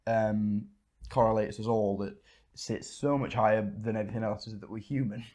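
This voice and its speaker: A man's voice: lowish voice, steady tone, moderate pace, a little mellow. A man co-hosting a podcast, chatting casually with jokey, sweary banter. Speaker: podcast co-host. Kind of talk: casual chat.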